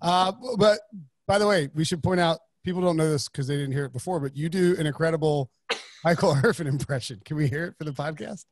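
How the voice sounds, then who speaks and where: A man's voice: on the high side, brisk, no echo. A man from North Carolina hosting a podcast, chatting casually and rambling with jokes and restarts. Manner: rambling, joking, many restarts. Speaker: podcast host.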